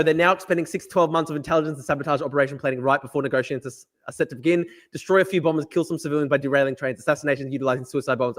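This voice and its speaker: A young man hosting a livestream, excitable and profane, reading viewer comments aloud. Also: mid-range voice. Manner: excitable, profane, laughing, reads chat aloud. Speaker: livestream host.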